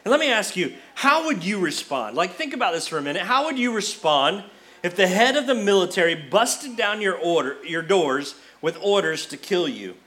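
A man preaching a sermon as pastor, retelling a story with lively acted-out dialogue. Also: sits high, normal speed. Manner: animated storyteller, acts out quoted characters.

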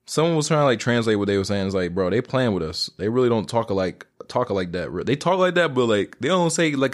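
A man's voice: fairly low pitch, big pitch swings, brisk, hardly any pauses. A young man from Michigan hosting a casual solo podcast, rambling and joking in crude slang. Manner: breaks into silly freestyle rap bits. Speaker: podcast host.

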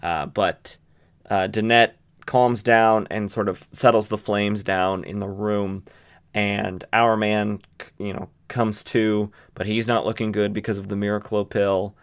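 Low, smooth-voiced male podcast host. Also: a little slow. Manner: relaxed, with frequent fillers and asides. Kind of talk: casual comic book recap.

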